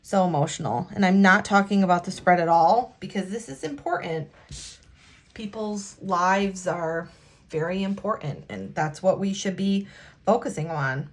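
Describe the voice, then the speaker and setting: A woman vlogger talking in a halting, emotional way while working on her planner at a home desk. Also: fairly low pitch. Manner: halting, emotional, many restarts. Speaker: planner vlogger and immigration attorney. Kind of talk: casual talk while decorating a planner.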